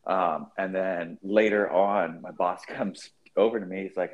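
A man with a low voice tells a relaxed story from work, cursing now and then. The recording sounds muffled and lo-fi. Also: a little fast, few pauses. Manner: laid-back, profane anecdotes. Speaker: podcast co-host. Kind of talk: casual storytelling.

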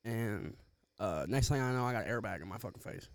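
Young guy rattling off a cussing story real quick, dry close mic. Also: on the low side, lively intonation, dry recording. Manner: rambling, profane, loose slangy storytelling. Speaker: podcast co-host. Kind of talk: casual storytelling.

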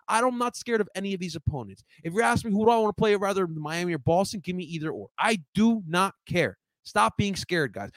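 A man's voice: sits high, fairly quick, no echo. Fired-up young man hosting sports talk. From first-generation American. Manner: excitable, swearing, fired up.

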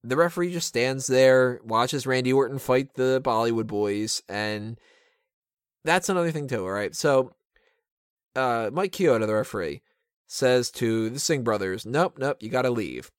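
A man's voice: medium pitch, unhurried, clear, resonant tone, no echo, clean studio sound. A man giving an opinionated, sarcastic casual review of a wrestling show, swearing freely. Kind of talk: casual commentary.

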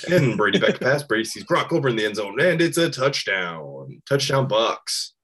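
Husky deep-voiced football announcer calling a touchdown, done by a hoarse guy. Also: big pitch swings, normal speed, a bit bright, full character voice. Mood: announcing. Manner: deep exaggerated announcer delivery. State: hoarse, losing his voice. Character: adult male sports play-by-play announcer.

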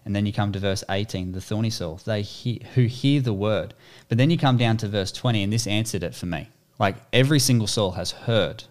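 Deep-voiced man, thoughtful and methodical, for a scripture discussion. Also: brisk, few pauses. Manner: thoughtful, reads verses aloud, builds points step by step. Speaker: bible study co-host. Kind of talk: casual bible discussion.

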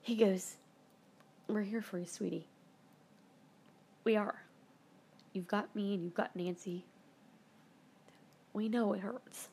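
A woman's voice: mid-range voice, fairly even intonation, slow, pauses often, dark tone, a little hiss or hum. A woman hosting a podcast, telling a personal story in a casual, emotional way. She sometimes swears, and at tender moments she drops into a whisper, close to tears. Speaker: podcast host.

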